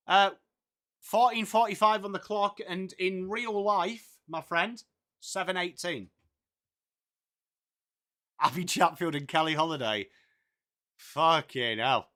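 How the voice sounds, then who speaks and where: Chatty high-voiced male stream commentator. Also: moderate pace, bright, forceful tone. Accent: English. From England. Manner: chatty, reads viewer comments aloud, swears casually. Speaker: live stream host commentating football. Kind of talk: casual live watchalong commentary.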